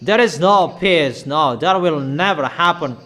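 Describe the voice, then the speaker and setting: A man with a notably high voice delivers a sermon, hammering his points home through repetition. His delivery is declamatory and insistent. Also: expressive, measured pace, sharp tone. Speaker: preacher.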